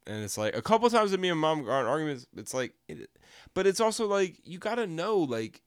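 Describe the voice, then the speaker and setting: A man's voice: a little high, fairly quick, clear, resonant tone, dry recording, clean studio sound. A young man co-hosting a podcast, telling a personal story in casual chat with lots of swearing. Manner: animated storytelling with heavy swearing. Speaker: podcast co-host.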